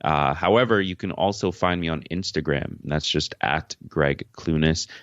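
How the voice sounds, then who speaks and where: A young man with a very deep, low voice talks through interview questions in an easy, relaxed way, dropping plenty of "uh"s and laughing easily. He grew up in Jamaica. His audio sounds dull and dry, like a lo-fi remote call. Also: moderate pace, no room sound. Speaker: podcast host and author, guest. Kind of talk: casual interview answers.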